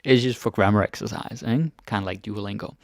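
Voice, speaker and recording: Guy teaching a chill language lesson, kinda low gravelly voice, repeats everything, says "right?" a lot. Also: brisk, dry recording, clean studio sound. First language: Danish. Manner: relaxed, repeats words, asks "right?" often.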